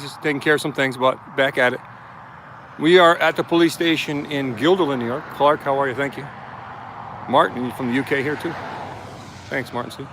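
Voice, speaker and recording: Over a noisy background, a medium-pitched man live-streams outdoors as a First Amendment auditor. He walks around a police station with a handheld camera, chatting casually and greeting viewers by name.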